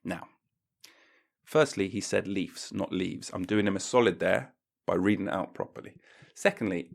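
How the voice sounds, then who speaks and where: A low-voiced man with a gravelly edge rants through a comedy podcast monologue. He puts on a mock-pompous tone and keeps lurching into squeaky silly voices and shouts. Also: normal speed. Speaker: podcast host.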